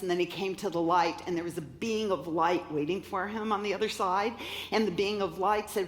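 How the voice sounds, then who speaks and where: A woman in her fifties telling a lively, laughing story as a keynote speaker. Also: mid-range voice, roomy sound. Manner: animated, laughing, acts out voices in quotes. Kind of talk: storytelling talk to a live audience. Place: conference stage.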